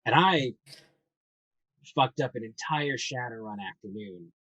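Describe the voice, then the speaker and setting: A man's voice: mid-range voice, expressive, measured pace, pushed and bright, no room sound, distant mic, poor audio. A man chatting casually about tabletop role-playing, rambling and enthusiastic, swearing freely as he tells stories. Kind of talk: casual chat.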